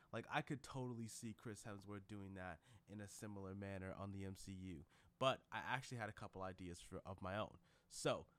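A man's voice: lowish voice, fairly bright tone, clear, resonant tone. A man vlogging in a casual, rambling way, with lots of fillers and restarts. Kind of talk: casual commentary vlog.

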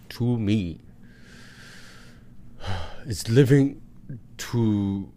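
A man with a raspy, hoarse voice from a cold, co-hosting a casual podcast chat, jokey and animated. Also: lowish voice. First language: English not first language. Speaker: podcast co-host.

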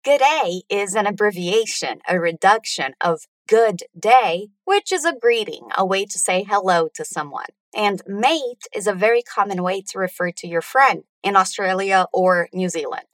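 A woman leads an English lesson, sounding out phrases slowly and carefully so learners can repeat them. Her pitch moves a lot, rising and falling as she stresses each word. The sound is close and dry, with no room echo. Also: animated, a bit bright. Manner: slow, deliberate, stretching out words for learners to repeat. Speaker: English pronunciation teacher.

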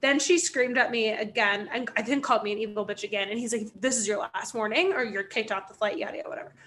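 A young woman telling a story in casual chat, animated, acting out quotes, with lots of "like" and swearing. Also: a little high, fast talker, a little hiss or hum.

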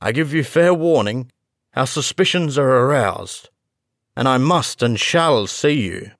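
A man playing a stern, commanding middle-aged male lawyer who speaks in a forceful, demanding way. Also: sits low, fairly even intonation, a little slow, creaky, no echo, studio quality.

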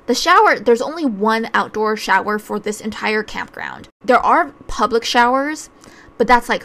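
A woman's voice: fairly high pitch, vocal fry, a bit bright. A woman telling a personal travel story in a casual, chatty way, wry and full of filler words.

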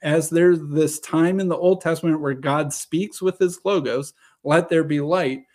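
A man's voice: on the high side, fairly even intonation, darkish tone. Earnest man lecturing on scripture. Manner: earnest, argumentative, lecturing with quick asides. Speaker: religious presenter. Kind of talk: explanatory Bible teaching talk.

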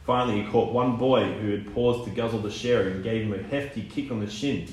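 A man reading a children's story aloud, animated, with wide swings in pitch and loudness. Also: fairly quick. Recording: echoey room with faint ambience.

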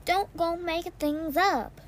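A woman voicing a boy's father who gently tells him off, in a storybook reading. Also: very high-pitched, slow, slight background noise, pitched above the performer's own voice. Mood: gently stern. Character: gruff, calm father scolding gently.

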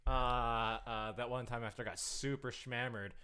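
A man's voice: medium pitch, steady tone, normal speed, pushed and bright, clear, resonant tone. A young man co-hosting a casual podcast, telling stories with frequent stammers and repeated words. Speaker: podcast co-host. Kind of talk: casual chat among friends.

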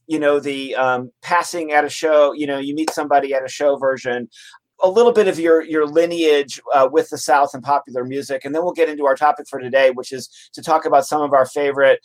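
A man with a slightly raised pitch hosts an interview. He sets up his guest and the topic, hesitant and full of fillers and restarts. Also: steady tone, a little fast. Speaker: podcast host. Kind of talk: interview introduction.

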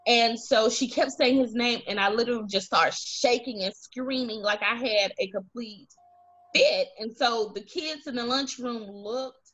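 A woman from Alabama earnestly tells her own story as an interview guest, acting out the voices of the people in it. Her voice is on the high side, fairly bright, and unhurried. The video call audio is dull and lo-fi.

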